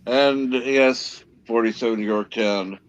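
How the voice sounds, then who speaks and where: A man's voice: mid-range voice, fairly even intonation, slow, muffled recording. A man from New Zealand joking dryly in casual chat on a video call.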